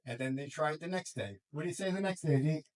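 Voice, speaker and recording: A middle-aged man, a school counselor, talking casually to a room of students and parents, acting out quick quoted voices and often laughing. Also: a little high, a little mellow, rough recording. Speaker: school counselor and life coach. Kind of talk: casual talk to a group.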